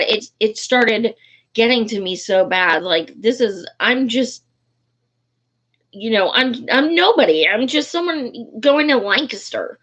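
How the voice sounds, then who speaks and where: A woman's voice: a little high, lively intonation, a little slow, fairly bright tone. A woman, a political activist, talking casually and heatedly, swearing often and restarting her sentences, with many fillers. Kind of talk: casual vlog talk. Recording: dull lo-fi recording.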